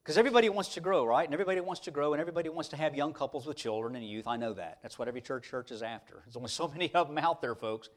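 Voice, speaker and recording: A man's voice: a little high, rapid-fire, few pauses. A man preaching a sermon, telling stories in a folksy way with many restarts. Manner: animated, folksy, with repeated restarts. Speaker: pastor. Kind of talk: storytelling sermon.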